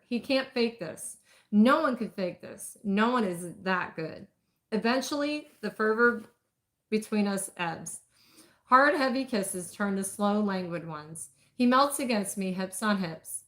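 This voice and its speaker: A woman reading first-person romance narration in an intimate, measured way. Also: mid-range voice, fairly bright tone. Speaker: audiobook reader.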